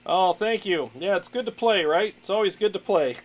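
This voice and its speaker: Man, livestream host, casual chat, relaxed, lots of fillers, laughs often, fairly high voice. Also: normal speed.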